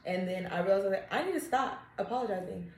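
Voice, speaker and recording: Brief: young woman, mid-pitched, open storyteller, laughs easily, roomy echo. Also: lively intonation, fast, darkish tone. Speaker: podcast co-host. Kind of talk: casual chat.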